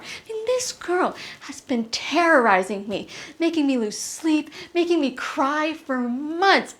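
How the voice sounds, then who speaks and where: Young adult woman, solo storyteller, slightly high pitch, intense and halting. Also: animated. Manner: intense, halting, emotional delivery. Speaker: solo comedian. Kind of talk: confessional storytelling monologue. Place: apartment.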